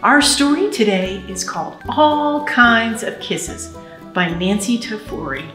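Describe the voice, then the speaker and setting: A woman leading a library storytime for babies, reading a picture book slowly and in a sing-song way and talking straight to the little ones. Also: medium pitch, lively intonation, a bit bright, echoey room, soft background music. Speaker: children's librarian. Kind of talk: baby storytime reading and singing. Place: library room.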